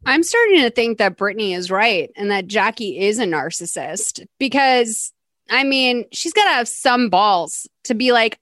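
A woman hosting a podcast, recapping a movie in casual, animated chat with lots of laughs and "like". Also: on the high side, measured pace, dry recording. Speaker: podcast host.

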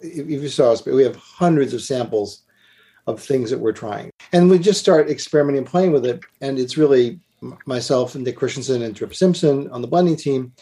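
A man guesting on a podcast, talking about his blending work. He restarts and repeats words as he goes. His pitch sits right in the middle. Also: dark tone. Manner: halting, repeats words while explaining. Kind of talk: casual interview talk.

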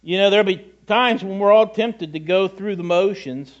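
A man's voice: high voice, normal speed, muffled recording. A middle-aged male pastor preaching a sermon in a conversational way, with self-deprecating asides and frequent repetitions.

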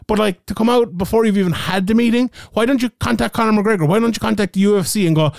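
High-voiced man ranting. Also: quick pace, vocal fry, hardly any pauses, no room sound, clean studio sound. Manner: animated, ranting, swears freely. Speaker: podcast co-host. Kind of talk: casual podcast chat.

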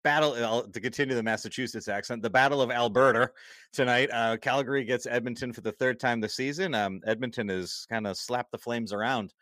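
A man hosting a casual hockey podcast, animated and jokey, often laughing as he talks. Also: mid-range voice, fairly quick, no room sound, clean studio sound. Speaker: podcast host. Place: Massachusetts.

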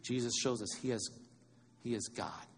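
A man preaching a sermon as pastor, animated and conversational, acting out quotes as he goes. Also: mid-range voice, moderate pace, vocal fry, long reverb tail, noisy background.

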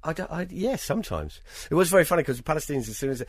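A British man in an interview, telling travel anecdotes in a lively, conversational way and acting out other people's lines. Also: fairly high pitch, racing, dry recording, studio quality. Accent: British English. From Britain. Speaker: interview guest, travelling performer.

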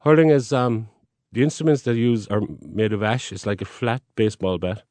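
A middle-aged man with a Cork Irish accent talks as a guest in a relaxed chat. His voice sits low and mellow. He explains earnestly and proudly, and the sound is close and dry. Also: normal speed, dry recording. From Cork, Ireland. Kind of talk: casual conversation.

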